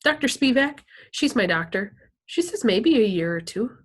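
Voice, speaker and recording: A woman's voice: medium pitch, expressive, normal speed, close to an everyday voice. A woman voicing a small, brainy boy who speaks in lofty, theatrical phrases while reading a novel aloud.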